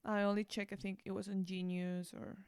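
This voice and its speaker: A young woman reacting to an album in a casual vlog, gushing and excitable, rambling with fillers and restarts. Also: medium pitch, fairly quick, smooth, no room sound, studio quality. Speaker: music reaction vlogger.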